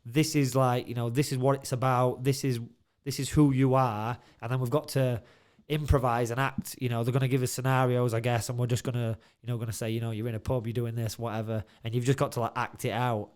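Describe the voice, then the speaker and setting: A man's voice: mid-range voice, level tone, a little fast, hardly any pauses, a little mellow, clear, resonant tone. A man co-hosting a podcast in a studio, telling stories in a loose, laughing, swearing way. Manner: swears a lot, laughs, tells stories animatedly. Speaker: podcast co-host. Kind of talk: casual chat.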